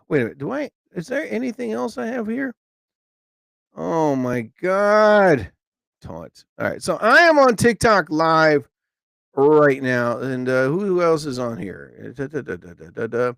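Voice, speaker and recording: A middle-aged man hosting his own live stream, chatting casually and acting out what people said in high, mocking voices. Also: a little slow, creaky, no echo, studio quality. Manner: animated, acts out quotes in high voices.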